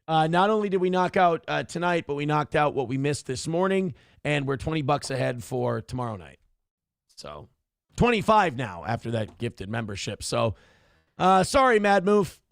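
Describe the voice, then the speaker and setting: Male livestream host, rambling, profane, dry close sound, raspy fry. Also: fairly high pitch, sing-song, normal speed, no room sound. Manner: profane, rambling, reads viewer messages aloud. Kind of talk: casual livestream chat.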